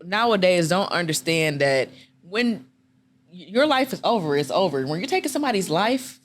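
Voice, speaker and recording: A woman hosting a podcast, telling stories in casual chat with profanity and acted-out quotes. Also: moderate pace. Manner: animated, profane, acts out quotes in a jumping pitch. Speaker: podcast host.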